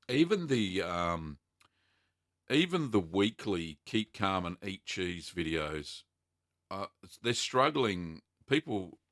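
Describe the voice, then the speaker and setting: Low-voiced man chatting on a live stream. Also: fairly bright tone, no room sound, clean studio sound. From Australia. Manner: chatty and unhurried, many ums and uhs. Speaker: host answering viewer questions.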